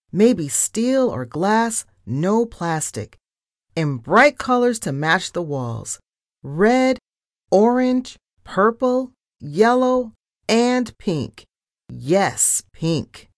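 A woman voicing an excitable male mouse boss who shouts his demands. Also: deep voice, unhurried, no room sound, studio quality. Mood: bossy excited. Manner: loud, demanding, shouting orders. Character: excitable male mouse, a stuffy editor turned trendy.

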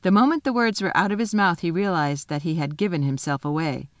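A woman reading a children's novel aloud in a lively, expressive storytelling manner. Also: on the low side, brisk, no echo, clean studio sound. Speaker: reader.

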